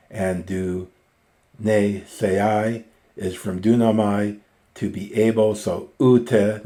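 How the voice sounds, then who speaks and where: A middle-aged man gives a methodical reading lesson, reading each line aloud before parsing it word by word. His voice sits fairly low and sounds mellow and relaxed. He talks at an unhurried, deliberate pace. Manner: slow, methodical, reads lines aloud then parses each word. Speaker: Greek teacher. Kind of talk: reading lesson on a classical text.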